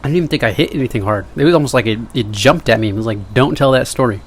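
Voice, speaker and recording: With a breathy edge and a very fast delivery, a young man in a mid-range voice rambles to the camera vlog-style. He cracks jokes about himself and strays into side comments.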